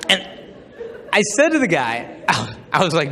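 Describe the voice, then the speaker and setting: A man giving a humorous public talk to students, telling stories with animated acted-out voices. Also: on the high side, moderate pace, long reverb tail, slight background noise. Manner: animated storytelling, acts out voices. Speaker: chastity speaker.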